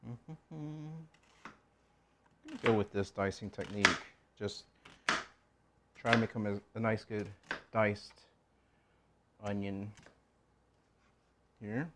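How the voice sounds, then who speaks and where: A man's voice: lowish voice, slow, long pauses, very noisy. A man hosting a casual cooking vlog, rambling and joking to himself and viewers as he chops in a home kitchen. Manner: rambling, joking, talks to himself while chopping. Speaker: cooking channel host.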